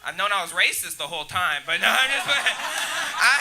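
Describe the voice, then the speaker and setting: A man's voice: sits high, big pitch swings, moderate pace, bright, forceful tone. A man doing a crude live stand-up set in a comedy club, often laughing at his own jokes. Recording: live club with audible crowd noise.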